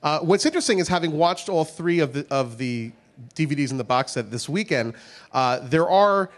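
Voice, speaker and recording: A man interviewing a guest, asking long, halting questions. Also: fairly high pitch, animated.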